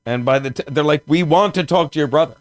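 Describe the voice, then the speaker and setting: Man in his fifties, casual podcast storytelling, rambling and animated, higher voice, dry close mic. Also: fast, no echo. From South Jersey. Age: 50s. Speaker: comedian guest.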